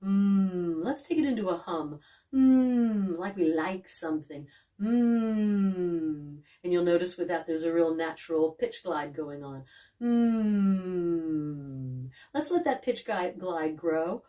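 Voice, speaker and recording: Calm woman leading a vocal warm-up. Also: lowish voice, moderate pace, few pauses, recorded from a distance. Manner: calm, gentle, demonstrates sighs, yawns and hums. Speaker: voice coach. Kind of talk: guided vocal warm-up instruction.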